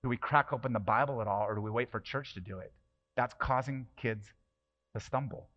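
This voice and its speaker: A man's voice: mid-range voice, a little fast, muffled recording. Impassioned male pastor preaching. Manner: impassioned, emphatic preaching with rhetorical questions. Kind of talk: sermon.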